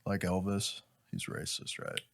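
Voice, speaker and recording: A man's voice: low-pitched, monotone, a little slow, fairly bright tone. A young man in loose, profane, laughing banter on a casual podcast. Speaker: podcast co-host.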